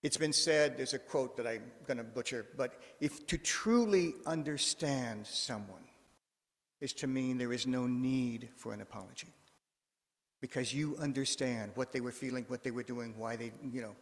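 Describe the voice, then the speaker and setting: A man's voice: mid-range voice, normal speed. Man preaching in an echoing church. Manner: conversational storytelling with restarts. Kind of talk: sermon. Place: church sanctuary. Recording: long echo of a church hall.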